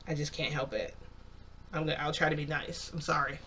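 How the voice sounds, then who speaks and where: A worn-out, irritated young man speaks quietly and curtly, as a storyteller quotes him. His tone stays low-key and apologetic. The voice sits slightly lower than the narrator's. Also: little pitch movement, brisk, far from the mic. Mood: weary. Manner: subdued, apologetic.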